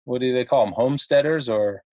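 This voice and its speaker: A middle-aged man from Ohio, a podcast guest telling stories in a halting, chatty way with many fillers and laughs. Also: mid-range voice, darkish tone, no echo. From Ohio, USA. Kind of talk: casual podcast chat.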